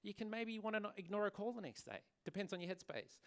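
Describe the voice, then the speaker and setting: A man's voice: high voice, lively intonation, fast talker, hardly any pauses. A man who owns a hair salon, giving an earnest talk to a conference audience and often repeating words as he restarts. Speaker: salon owner and presenter. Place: conference venue.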